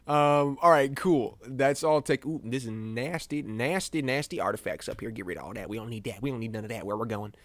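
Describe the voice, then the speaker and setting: A man's voice: mid-range voice, lively intonation, a little fast, fairly bright tone, dry recording. A young American man chatting casually while he edits images live for a stream, rambling, joking at himself and laughing often. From United States.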